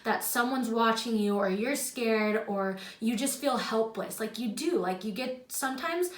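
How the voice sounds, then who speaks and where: A woman's voice: on the high side, measured pace. Young female vlogger, casual storytelling, heavy "like", emotional edge, roomy sound. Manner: chatty, heavy use of "like"; emotional, choked up at times. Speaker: YouTuber. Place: her home, indoors.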